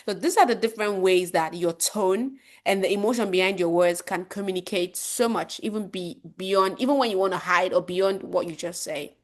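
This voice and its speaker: A woman teaching a public speaking course in a conversational way. She asks rhetorical questions and acts out her examples with big jumps in pitch and loudness. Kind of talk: course lecture.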